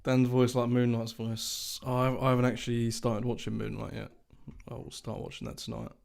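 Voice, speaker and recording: A man hosting a casual coding livestream, chatty and relaxed as he greets viewers. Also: mid-range voice, moderate pace, vocal fry. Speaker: livestream host, developer.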